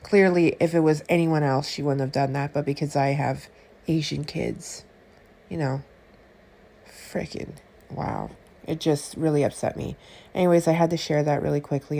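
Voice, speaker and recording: A woman vlogging, telling a personal story to her viewers in an indignant, animated way with quick asides. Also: sits low, creaky. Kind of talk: casual storytelling to camera.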